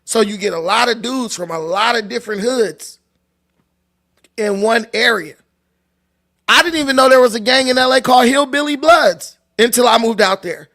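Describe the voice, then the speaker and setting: A man with a strikingly high voice and a gravelly edge tells stories in a loose, profane, joking way. He from Long Beach and talks like a livestream host. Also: normal speed, bright, forceful tone. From Long Beach, California. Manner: loose, profane, laughing storyteller. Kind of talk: casual storytelling.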